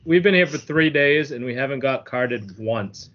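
A man's voice: mid-range voice, lively intonation, normal speed, a bit bright. A man with a New England accent talks sports in a plain, matter-of-fact way on a casual podcast. His voice sits mid-range, and the audio is dull and lo-fi. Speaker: podcast co-host.

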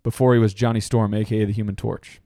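A man's voice: fairly low pitch, fast talker, no echo. Guy talking movies with friends, dry close mic, does the character voices. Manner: animated, acts out movie quotes with laughter. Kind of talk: casual movie chat.

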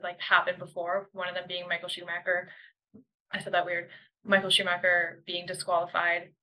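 A Canadian woman co-hosting a podcast, walking through the news and stopping to correct herself. Her voice is low-pitched but strongly bright and forceful. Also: rough recording. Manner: explanatory, self-correcting. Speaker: podcast co-host. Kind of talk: explaining news in casual podcast chat.

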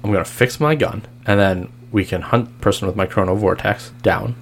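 A man's voice: lowish voice, moderate pace, a little hiss or hum, lightly acted. A man playing a blunt, trigger-happy time-traveling woman. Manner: blunt, defensive, casual swearing. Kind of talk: improvised tabletop role-play.

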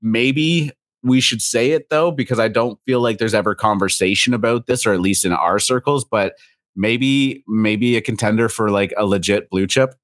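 Low, dry-sounding male co-host, relaxed and rambling, casual podcast chat. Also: moderate pace, no room sound. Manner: relaxed, rambling, with frequent fillers.

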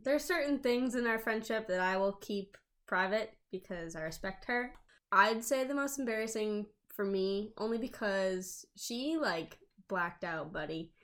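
A woman in her twenties from England co-hosts a podcast in casual chat, telling animated stories bluntly and swearing a lot. Her voice is medium-pitched and unhurried.

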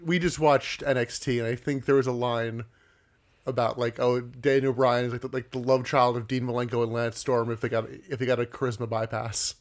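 Man co-host, mid-pitched, relaxed matter-of-fact recap style. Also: fairly quick. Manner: easygoing, matter-of-fact play-by-play. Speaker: podcast co-host. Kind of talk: casual wrestling recap chat.

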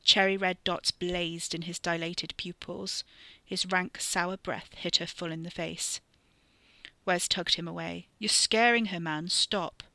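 A woman podcast storyteller reading dark scripted fiction in a measured, even way. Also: fairly low pitch, gravelly, no room sound.

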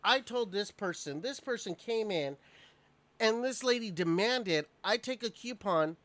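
A man's voice: high voice, lively intonation, a little slow, fairly bright tone. A man, a restaurant manager, telling a work story in casual, profane podcast chat.

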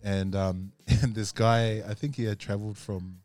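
A man's voice: on the low side, steady tone, normal speed, darkish tone. A man hosting a podcast, talking casually with many fillers and restarts. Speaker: podcast host. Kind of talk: casual chat.

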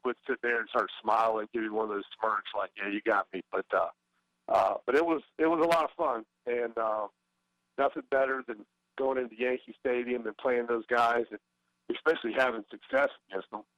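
A man's voice: medium pitch, fairly even intonation, fairly quick, fairly bright tone, dry recording, muffled recording. A middle-aged man, a former baseball player, talking as a guest in a casual interview, hesitant with many fillers and restarts.

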